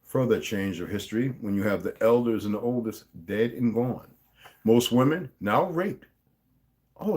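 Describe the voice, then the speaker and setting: A man's voice: fairly low pitch, moderate pace, a little mellow. A man hosting a stream, reading a novel aloud in a casual way and often stopping to comment and correct himself.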